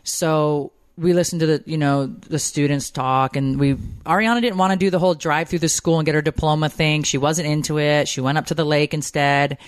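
A woman's voice: sits low, steady tone, fairly quick, hardly any pauses, smooth, no echo, studio quality. A woman hosting a podcast, telling personal stories in a casual, emotional, rambling way with lots of fillers. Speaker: podcast host. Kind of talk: casual chat.

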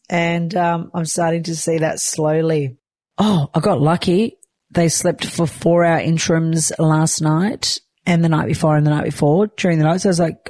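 A chatty woman, talking casually and laughing often as she shares stories. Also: no echo. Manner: chatty, animated, laughs often, squeals high in baby talk. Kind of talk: casual monologue.

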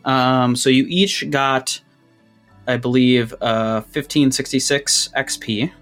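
A man's voice: mid-range voice, steady tone, slow pace, a bit bright, soft background music. A man acting as game master, narrating a tabletop game in tense second person, then explaining rules casually.

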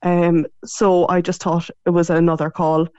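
A woman's voice: on the low side, level tone, normal speed, a little mellow, no room sound. An Irish woman in her forties chats on a radio show, telling a story with emotion and slipping into other people's voices. Her voice comes through a dull, muffled line. The sound is dry and close. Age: 40s. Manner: chatty, emotional, quotes others often. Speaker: radio guest. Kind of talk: casual storytelling chat.

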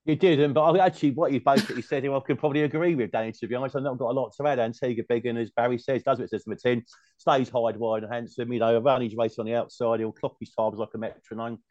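A man's voice: mid-range voice, steady tone, fast talker, a little mellow, no echo. A man chatting as a guest tipster on a betting podcast, agreeable and loose in his phrasing. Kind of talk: casual chat. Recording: dry dull lo-fi mic.

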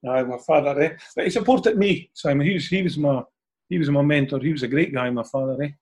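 An older Scottish man, a guest in an interview, tells anecdotes in a chatty way, often ending phrases with a questioning "eh?". His voice is a little high and a little mellow, and he talks at a quick pace.

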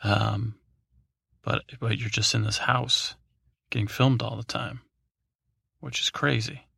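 A man's voice: medium pitch, fairly even intonation, slow, vocal fry, pushed and bright, husky, dry recording, clean studio sound. A man hosting a podcast, telling a meandering, drowsy bedtime story with many fillers and restarts. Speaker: podcast host.

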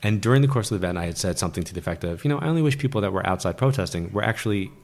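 Deep-voiced New man telling stories. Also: very fast, gravelly. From New York. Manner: animated, acts out the people in his stories. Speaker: guest, stage medium. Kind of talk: conversational storytelling.

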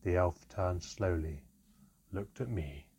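A man narrating a first-person storybook in a measured, expressive reading. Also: low-pitched, a little hiss or hum.

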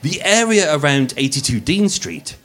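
A man's voice: fairly high pitch, expressive, normal speed, a bit bright. A man with a Birmingham accent hosting a live true-crime podcast, narrating with jokes and frequent stumbles over words. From England. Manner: jokey, self-deprecating, stumbles over words. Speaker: podcast host. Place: room with a live audience.

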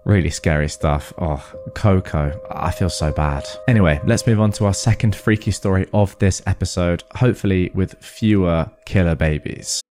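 A man hosting a podcast, reading reddit stories aloud with animated delivery and wry asides. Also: deep voice, normal speed, few pauses, faint music behind. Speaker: podcast host and narrator.

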